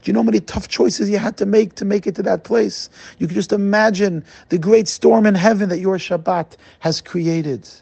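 Man doing a tender older rabbi, heartfelt, dark husky voice. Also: high-pitched, fairly even intonation, normal speed, few pauses, no echo, pitched above the performer's own voice, exaggerated voice. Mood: moved. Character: gentle older male rabbi, deeply moved.

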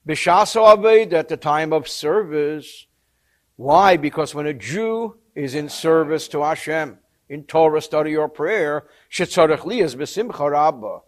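A man with a high-pitched voice leads a class on a sacred text. He tells stories with energy and translates each Hebrew or Yiddish phrase into plain English. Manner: lively storyteller, mixes Hebrew and Yiddish terms with English translation. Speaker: Torah teacher. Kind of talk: storytelling lecture on a sacred text.

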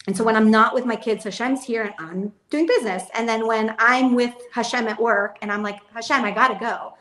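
A woman's voice: a little high, a little fast, a bit bright, roomy sound. A young adult woman, a business owner, talking earnestly and at length as an interview guest, often laughing as she speaks. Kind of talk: casual interview chat.

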